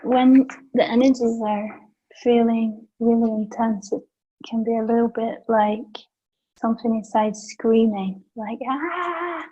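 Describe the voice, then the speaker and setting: A woman facilitating a gentle guided session, speaking softly and soothingly with simple images. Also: on the high side, lo-fi sound. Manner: soft, slow and soothing, with imagery. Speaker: energy work facilitator.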